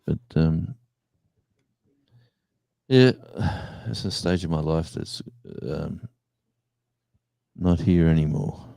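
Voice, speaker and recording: A man's voice: extremely low pitch, extremely slow, vocal fry, long pauses, mellow, dry recording. A man, a former radio host, chatting casually on a live stream and rambling through anecdotes. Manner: rambling storyteller, acts out voices in anecdotes, chuckles.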